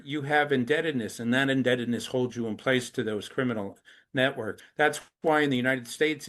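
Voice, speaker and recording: A man's voice: medium pitch, a bit bright. A middle-aged man being interviewed, earnestly explaining hard subjects through step-by-step examples. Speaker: anti-trafficking activist, interview guest. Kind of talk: conversational interview.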